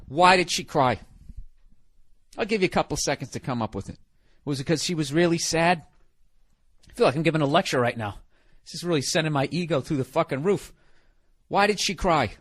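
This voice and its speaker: Animated, swearing man ranting. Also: on the high side, no echo. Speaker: podcast host. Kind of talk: comedic rant monologue.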